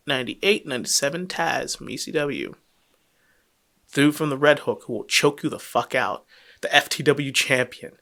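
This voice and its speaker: A man co-hosting a podcast, telling a story with excitement and plenty of swearing in casual chat. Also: mid-range voice. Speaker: podcast co-host.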